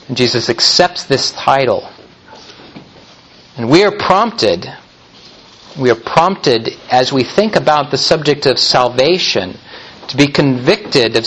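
A man preaching a sermon in a slow, deliberate way, now and then turning to speak directly to the children. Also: medium pitch, expressive, fairly bright tone, a little hiss or hum, low-quality recording. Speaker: pastor.

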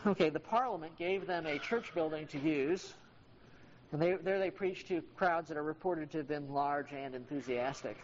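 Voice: mid-range voice, moderate pace, dull audio, a little hiss or hum. A history teacher giving an informal classroom lecture, with frequent ums and uhs and asides to students by name.

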